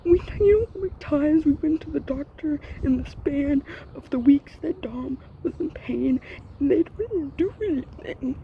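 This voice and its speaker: A woman's voice: high voice, normal speed, gravelly, dull audio, slight background noise. A young woman ranting to camera, upset and grieving, her voice breaking and dropping to whispers. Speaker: vlogger. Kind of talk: emotional rant to camera.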